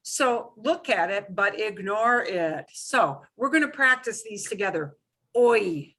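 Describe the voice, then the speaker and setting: A woman's voice: mid-range voice, lively intonation, unhurried, sharp tone. A woman teaching a beginners' Spanish class, explaining pronunciation patiently and repeating words for students to echo.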